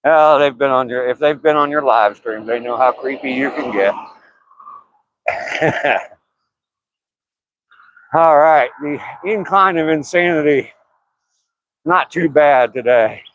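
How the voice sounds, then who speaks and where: A man's voice: medium pitch, slow pace, pauses often, fairly bright tone, highs cut off. An older man talking casually on a live stream while out walking outdoors, joking and laughing at his own remarks. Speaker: vlogger live streaming a walk.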